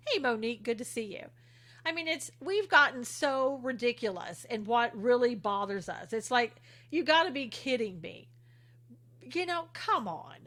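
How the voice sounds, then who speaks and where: Woman, middle-aged, somewhat high voice, sarcastic, chatty, casual livestream host reading comments. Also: fairly bright tone. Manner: sarcastic, chatty, laughs often.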